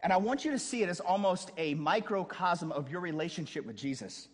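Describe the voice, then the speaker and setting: A man preaching a sermon as a pastor, dramatic, dropping to a hush and then rising to a shout, with casual joking asides. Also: high-pitched, animated, brisk, long reverb tail.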